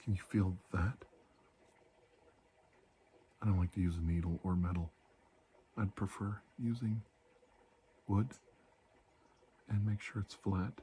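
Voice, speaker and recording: A man in a whispered role-play as a doctor giving a calm exam, soft-spoken and gently reassuring. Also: fairly low pitch, moderate pace, long pauses, a little hiss or hum. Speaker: ASMR creator playing a doctor.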